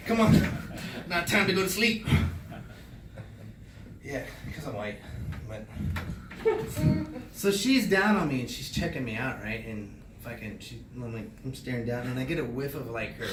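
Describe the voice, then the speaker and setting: A male stand-up comedian telling a crude, profane story, acting out his own reactions in loud bursts. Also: medium pitch, expressive, normal speed, reverberant, recorded from a distance, background noise. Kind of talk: stand-up set. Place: small comedy club stage. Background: audience laughter.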